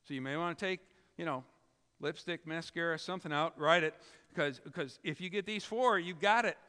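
Male preacher, high-pitched and crisp, emphatic storyteller, reverberant church. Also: moderate pace, bright, forceful tone. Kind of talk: sermon. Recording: reverberant hall.

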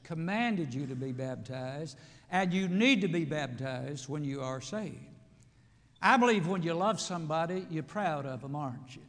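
A preacher with a fairly high, gravelly voice delivers a sermon in a church. He swings from emphatic calls to quiet, hushed storytelling. A long reverb from the church hall trails each phrase. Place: church sanctuary.

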